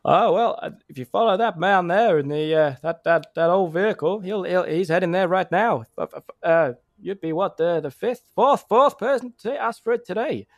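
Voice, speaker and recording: A man's voice: high voice, moderate pace, few pauses, no room sound, clean studio sound. A man playing a chatty rural local who rambles and stammers as he gives directions. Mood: gossipy. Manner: rambling, stammering, full of restarts.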